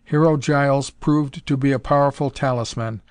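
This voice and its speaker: A man narrates an adventure story in a measured, even way at a middle pitch. His reading is steady and unhurried. The recording is dry, with no room sound. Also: no echo. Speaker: audiobook narrator. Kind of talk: scripted narration.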